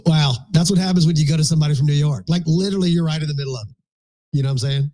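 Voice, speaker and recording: Rambling, mellow-voiced man in his fifties. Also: a little high, racing. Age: 50s. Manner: rambling, animated, frequent profanity. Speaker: host. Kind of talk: casual live audio chat.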